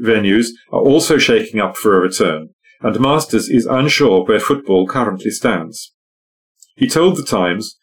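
A man reading a newspaper sports article aloud at a steady, even pace. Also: mid-range voice. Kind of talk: read-aloud news article.

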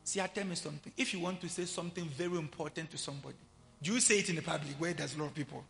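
A man preaching a sermon, swinging from quiet, intimate asides to loud shouting. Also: on the high side, very fast, vocal fry, a little hiss or hum. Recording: long hall reverb, faint music behind.

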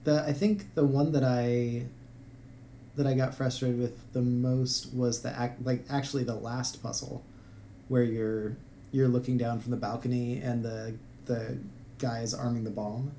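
A man's voice: mid-range voice, flat delivery, a little slow, dark tone, slight background noise. A man co-hosting a podcast, chatting casually about a video game and talking in a hesitant way with many restarts. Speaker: podcast co-host.

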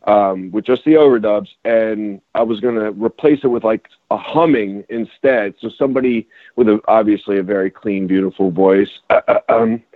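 A man's voice: fairly low pitch, normal speed, hardly any pauses, no room sound, narrow, tinny audio. A man on a casual podcast, a rapper explaining his new song in a rambling way with many restarts. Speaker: rapper and songwriter guest.

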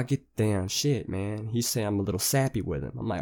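Young dude with a low-ish voice rambling thru a story, cussing and slang every other word. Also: male voice, lively intonation, normal speed, darkish tone. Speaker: podcast host. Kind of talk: casual storytelling.

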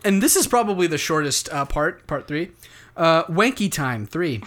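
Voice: medium pitch, sing-song, normal speed, fairly bright tone. A storyteller reading a silly story aloud to friends, often breaking into giggles. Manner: giggly, keeps breaking into laughter.

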